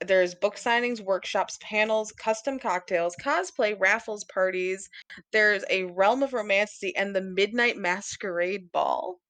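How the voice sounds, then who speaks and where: Bright, giggly woman podcaster. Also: medium pitch, measured pace, dry recording. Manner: rambling, giggly, many fillers. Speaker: podcast co-host. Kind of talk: casual chat about books.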